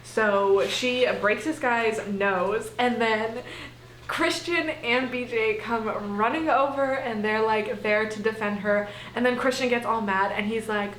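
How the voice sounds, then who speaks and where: A woman's voice: fairly high pitch, slow, a bit bright, slight background noise. Chatty young woman gushing about books. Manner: chatty, gushing, swears freely. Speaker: book vlogger. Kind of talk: casual reading vlog chat. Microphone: camera mic, no external microphone. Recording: echoey room.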